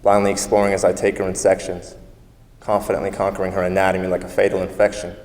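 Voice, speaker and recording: A young man reciting a spoken-word poem in a measured, rhythmic way. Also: low-pitched, monotone, a little mellow. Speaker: student poet. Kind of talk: spoken-word poetry reading. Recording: echoey room with long reverb.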